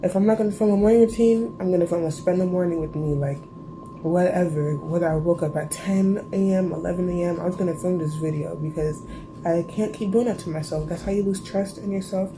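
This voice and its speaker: A woman's voice: fairly low pitch, fairly quick, noisy background. A teenage girl with a stuffy cold, chatting casually to camera in a rambling vlog, full of "like" and "bro". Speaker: lifestyle vlogger.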